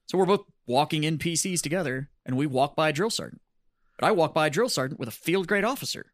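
A man's voice: fairly high pitch, expressive, fast talker, no room sound, clean studio sound. A man hosting a podcast, telling a profane, rambling story about his army basic training. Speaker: podcast host, army veteran.

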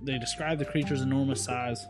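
A man's voice: mid-range voice, fairly even intonation, a little fast, over music. Rambling, jokey male podcast co-host. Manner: rambling, jokey, many fillers. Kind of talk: casual chat.

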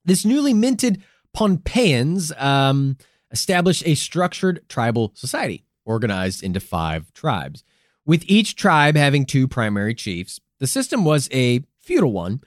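A man's voice: medium pitch, big pitch swings, unhurried, no echo, clean studio sound. A man co-hosting a comedic history podcast, narrating in a crude, profane, playful way with silly vocal asides. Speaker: podcast co-host.

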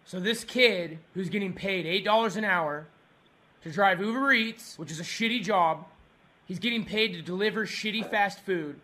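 A man on a prank phone call, ranting furiously and swearing nonstop, breaking into shouts. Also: high voice, normal speed. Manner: shouting in bursts. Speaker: prank caller.

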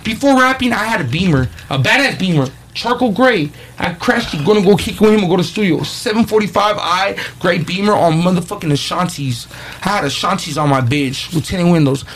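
A man telling profane, animated street stories in casual talk. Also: high-pitched, a little fast, a little hiss or hum. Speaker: podcast guest, rapper. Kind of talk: casual storytelling.

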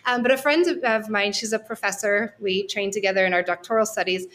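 A woman's voice: medium pitch, fairly even intonation, brisk, a bit bright. A woman guesting on a podcast, a researcher sharing a personal story in a candid, heartfelt, talkative way. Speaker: guest, social work researcher.

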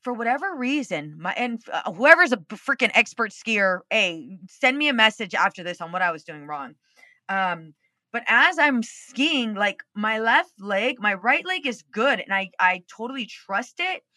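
This is a woman host of her own podcast, telling a personal story in an easygoing, unfiltered way and cursing when it fits. Her voice is bright with an edge of tension. The sound is close and dry. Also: fairly high pitch, moderate pace, no echo. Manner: candid and expressive, swears freely. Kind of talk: casual storytelling monologue.

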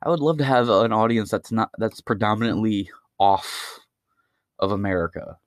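A man's voice: lowish voice, normal speed, dry recording, studio quality. A man hosting his own podcast, ranting alone in a rambling, mocking and heavily profane way. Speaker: podcast host. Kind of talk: ranting solo podcast monologue.

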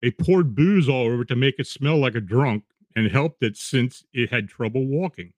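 Man calmly reading eerie accounts. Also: mid-range voice, no echo. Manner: steady, measured reading with occasional restarts. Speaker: narrator reading paranormal accounts. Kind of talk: read-aloud storytelling.

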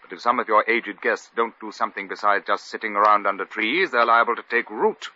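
An actor playing a bored, suave lord with a dry, languid upper-class drawl, in 1940s radio comedy. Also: male voice, fairly low pitch, brisk, sharp tone. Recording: dull lo-fi old radio recording.

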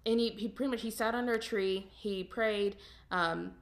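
A woman's voice: medium pitch, normal speed. Woman casually retelling a bible story. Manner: casual, retells with many ums and paraphrases. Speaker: podcast co-host. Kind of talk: faith podcast chat, retelling scripture.

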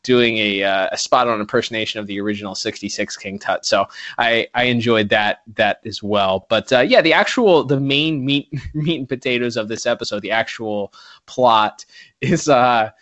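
A man's voice: mid-range voice, normal speed, fairly bright tone, dry recording. A man co-hosting a podcast in casual chat, rambling and correcting himself with frequent chuckles. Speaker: podcast co-host. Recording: dull lo-fi podcast mic.

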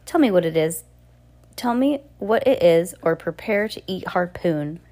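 A woman's voice: lowish voice, lively intonation, a little slow, mellow. A woman voicing a scornful, scheming male villain while reading a storybook aloud, with a growling, gloating delivery.

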